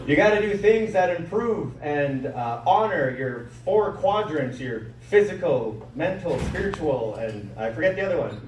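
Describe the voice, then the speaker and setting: High, lively man doing stand-up. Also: measured pace, few pauses, noisy background. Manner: animated storytelling, acting out friends' lines. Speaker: stand-up comedian. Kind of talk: stand-up set. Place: comedy club stage. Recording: echoey room mic'd from a distance.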